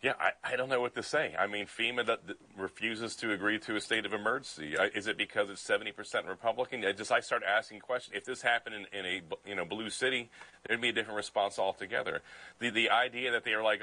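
A man's voice: fairly low pitch, fast talker, pushed and bright, no room sound, low-quality recording. A man from Pennsylvania, a state legislator in a remote news interview, talking in a fired-up, indignant way with many restarts.

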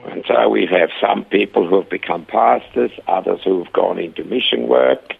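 A man's voice: deep voice, normal speed, gravelly, husky. An older man, a guest founder of a rehab centre, telling stories in an interview and acting out the voices in them. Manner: animated retelling with voiced quotes. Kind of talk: storytelling interview. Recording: tinny phone-line sound.

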